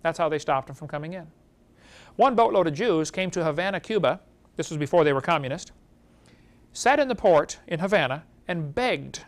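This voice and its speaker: A man with a fairly high voice delivers a lecture to a live audience. He keeps things animated, often turning to the listeners with rhetorical questions. His pitch sits toward the top of the male range. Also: normal speed. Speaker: creation seminar speaker.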